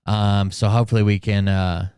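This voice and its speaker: A man's voice: lowish voice, flat delivery, normal speed, warm tone, smooth, no echo. A man hosting casual commentary, sardonic and swearing freely. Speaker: commentary streamer.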